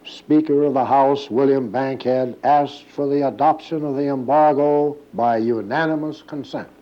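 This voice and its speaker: A man reads documentary narration from a script. He speaks at an even, measured pace. The sound is somewhat muffled and dull. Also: medium pitch.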